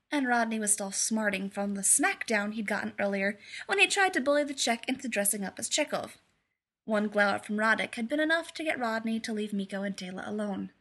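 A woman narrating a fan fiction story aloud in a lively, amused way. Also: medium pitch.

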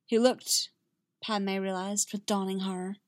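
A woman narrating a science fiction story in a steady, expressive reading. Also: mid-range voice, measured pace, no echo. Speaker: reader. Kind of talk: fan fiction audiobook narration.

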